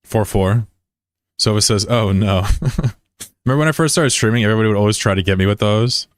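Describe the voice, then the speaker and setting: A man's voice: fairly low pitch, a little fast, dry recording, clean studio sound. A man streaming a game and chatting casually with his viewers, rambling and joking at his own expense. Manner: rambling and digressive, with many restarts; joking, self-deprecating.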